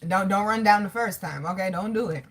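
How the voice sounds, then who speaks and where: A woman giving a casual live tarot reading, slangy and swearing freely, greeting her chat by name and talking to God out loud between points. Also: mid-range voice, fairly quick, a little hiss or hum. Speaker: tarot reader.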